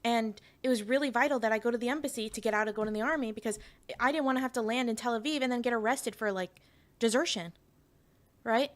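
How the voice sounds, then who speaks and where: A young woman from Canada with a fairly high voice, chatting casually on a stream. She rambles, laughs often, restarts her sentences and talks straight to her chat. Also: quick pace.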